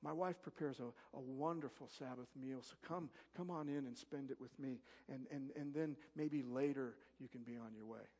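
A male preacher voicing a kindly old male farmer who talks softly and quietly while pressing a guest to stay. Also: mid-range voice, moderate pace, hardly any pauses, close to an everyday voice. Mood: welcoming. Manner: soft-spoken, quiet and insistent. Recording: long reverb of a large hall.

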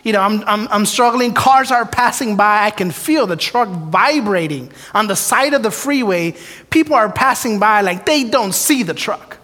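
Animated preacher in a reverberant hall. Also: male voice, sits high, moderate pace. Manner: animated, acts out prayers and dialogue. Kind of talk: storytelling sermon.

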